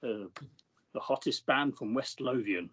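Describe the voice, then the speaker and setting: A man's voice: mid-range voice, measured pace, fairly bright tone, slightly rough. A man co-hosting a music countdown, chatting in an easygoing, agreeable way. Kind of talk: casual chat.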